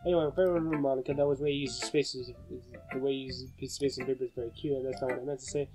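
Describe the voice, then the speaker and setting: A young man playing a visual novel, reading it aloud and blurting excitable, profane reactions. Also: medium pitch, rapid-fire, over music, poor audio. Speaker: gamer.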